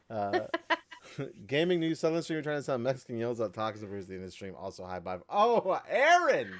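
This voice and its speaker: A man co-hosting a casual gaming podcast, animated and laughing, often tripping over his words. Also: lowish voice, a little fast. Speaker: podcast co-host. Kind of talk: casual chat.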